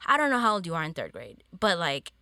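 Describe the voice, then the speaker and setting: A woman's voice: lowish voice, fast, no room sound, clean studio sound. A woman from Peru, a podcast guest, chatting casually and acting out the people in her stories. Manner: animated storyteller, acts out voices in her tales. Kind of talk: casual interview chat.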